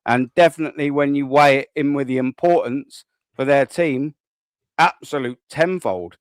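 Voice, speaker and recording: A man hosting a casual live fan panel, talking in animated, emphatic rants. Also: medium pitch, moderate pace, no room sound, studio quality. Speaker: host of fan show.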